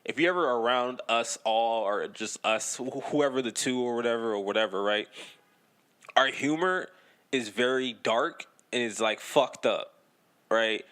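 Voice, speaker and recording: A man's voice: mid-range voice, unhurried, a bit bright. A young man co-hosting a podcast, telling a story in casual chat, swearing freely, laughing often and tagging his sentences with "right?". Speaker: podcast co-host.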